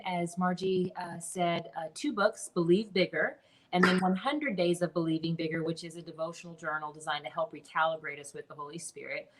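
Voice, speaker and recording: A woman in her forties speaks in a lowish voice, animated and expressive as she tells her story. She talks as a guest over a video call. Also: rough recording. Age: 40s. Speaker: guest, business mentor. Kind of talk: interview conversation.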